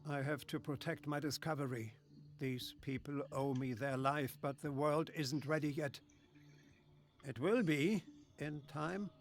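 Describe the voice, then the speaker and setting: A man's voice: on the high side, measured pace. An actor playing a smug, scheming male doctor with a German accent, speaking in a patronizing, condescending way in video game dialogue.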